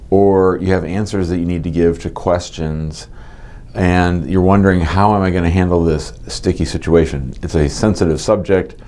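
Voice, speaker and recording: A man working as an immigration lawyer, explaining advice in a video. He over-enunciates his words slowly and his S sounds come out slightly stuck. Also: low voice, darkish tone.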